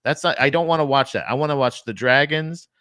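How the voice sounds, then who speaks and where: A man's voice: medium pitch, fairly quick, sharp tone, no echo, clean studio sound. A man co-hosting a casual comedy podcast, bantering crudely and laughing often. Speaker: podcast co-host.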